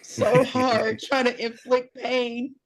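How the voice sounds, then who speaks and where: Female co-host, animated storyteller, slight vocal fry, casual delivery. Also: fairly high pitch, takes it slowly. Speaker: podcast co-host.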